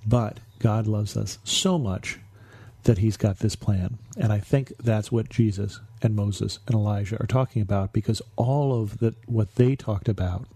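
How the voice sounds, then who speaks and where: Mellow, husky man teaching the Bible. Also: on the low side, no echo. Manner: reflective, explanatory, with slow emphatic stretches. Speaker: Bible study podcast host.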